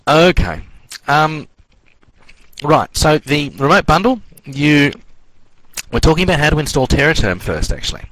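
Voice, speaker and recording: A man's voice: a little high, moderate pace, no echo, low-quality recording. Male instructor, casual online lecture, filler-heavy, close dry mic. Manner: relaxed, rambling, filler-heavy. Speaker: networking course instructor.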